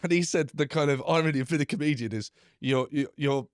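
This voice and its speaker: A man's voice: on the high side, fast talker, dry recording, clean studio sound. A male podcast host who laughs often and asks probing questions in a casual interview.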